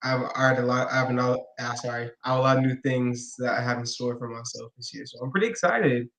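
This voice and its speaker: A man's voice: mid-range voice, quick pace, a bit bright. A man being interviewed as a guest, talking enthusiastically and restarting his sentences often. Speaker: guest, pro wrestler. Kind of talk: casual interview chat. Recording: echoey room.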